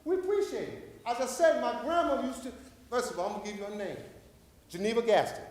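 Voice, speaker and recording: High-voiced fervent man in an echoing hall. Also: quick pace. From Paterson, New Jersey. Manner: fervent, rambling, with sudden rises and drops in loudness. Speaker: public commenter at a city council meeting. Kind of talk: impassioned public comment, preacher-like. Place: city council chamber. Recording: echoey council chamber with long reverb.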